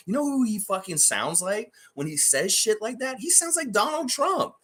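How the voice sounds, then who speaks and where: A man's voice: high voice, sing-song, normal speed, few pauses, a bit bright. A man hosting a fan reaction livestream, ranting in a heated, profane, mocking way.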